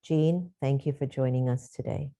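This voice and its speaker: A woman's voice: a bass voice, normal speed, mellow. A woman hosting an event, introducing a guest with effusive praise. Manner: effusive, admiring. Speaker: host.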